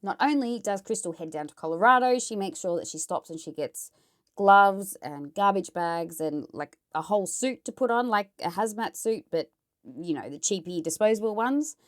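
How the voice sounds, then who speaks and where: A woman's voice: medium pitch, lively intonation, normal speed. An Australian woman telling a true crime story in a casual, chatty way, blunt and swearing as she editorialises.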